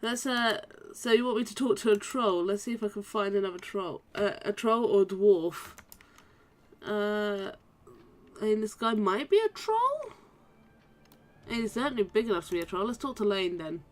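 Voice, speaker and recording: A woman's voice: mid-range voice, animated, moderate pace. A young woman casually commentating as she plays a role-playing game, chatty and rambling, with many restarts. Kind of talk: casual let's-play commentary.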